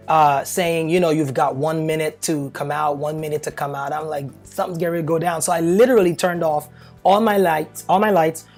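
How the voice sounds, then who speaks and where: A man talking to camera, telling a personal story in a chatty, animated way, full of fillers and nervous laughs. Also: a little high. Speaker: vlogger.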